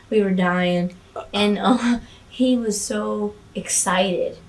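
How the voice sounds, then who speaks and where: A woman's voice: mid-range voice, very slow, far from the mic. A woman guest in a casual interview, chatty and candid, often restarting her sentences and swearing freely. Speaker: former wrestling valet, interview guest.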